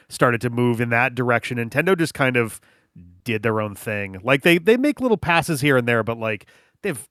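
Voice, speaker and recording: A man's voice: medium pitch, a bit bright, dry recording, clean studio sound. A man on a gaming podcast, talking casually and thoughtfully, often restarting his phrases. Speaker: podcast panelist. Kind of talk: casual chat.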